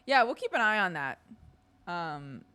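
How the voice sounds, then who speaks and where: Lively woman streamer chatting. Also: lowish voice, measured pace, smooth. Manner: animated, laughing storytelling with frequent fillers. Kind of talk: casual chat with viewers.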